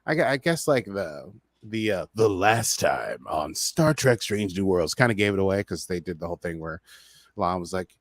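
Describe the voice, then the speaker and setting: A man's voice: deep voice, animated, moderate pace, no room sound. A man hosting a podcast, casually recapping a TV episode in a rambling, chatty way with many fillers. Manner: rambling, chatty, full of "uh" and "so he's like". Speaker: podcast host.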